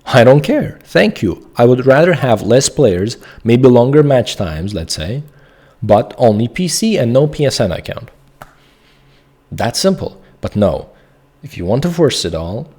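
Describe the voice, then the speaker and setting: A man's voice: medium pitch, darkish tone. A man ranting to camera from his home desk about a game, frustrated and heated, apologizing along the way. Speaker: gaming video creator. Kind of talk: to-camera rant.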